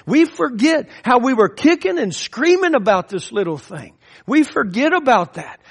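A man preaching a sermon with impassioned, rising and falling emphasis. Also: very high-pitched.

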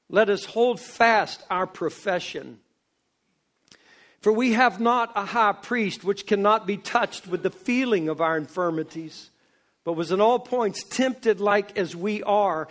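A male pastor preaching a sermon, swinging between loud emphasis and hushed asides. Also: high voice. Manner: slow, drawn-out delivery.

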